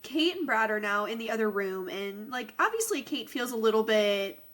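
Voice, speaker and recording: A woman's voice: fairly high pitch, big pitch swings, normal speed, fairly bright tone. Chatty woman podcast co-host. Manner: agreeable chat, lots of yeahs and likes. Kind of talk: casual movie recap chat.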